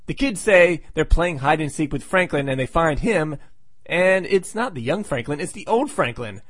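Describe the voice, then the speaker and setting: Wry male recapper, fairly high voice, dry close sound. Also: animated, normal speed, no echo. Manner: wry, sarcastic asides. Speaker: comic book reviewer. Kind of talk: casual recap with asides.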